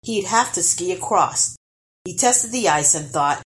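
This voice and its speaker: A woman reading a children's storybook aloud, expressive and lively. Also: fairly low pitch, a little slow. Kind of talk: storybook read-aloud narration.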